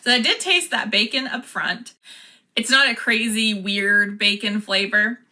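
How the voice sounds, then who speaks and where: A woman's voice: medium pitch, a little slow, pushed and bright. A woman chatting casually as she unboxes and taste-tests snacks, laughing often. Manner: chatty, laughs often, reads product cards aloud. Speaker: vlogger.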